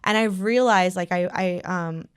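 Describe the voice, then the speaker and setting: A woman's voice: fairly low pitch, moderate pace, smooth, dry recording. A woman hosting a podcast in a studio, chatting casually and acting out the voices in her stories. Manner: animated storyteller, acts out quoted voices. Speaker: podcast host. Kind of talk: casual chat.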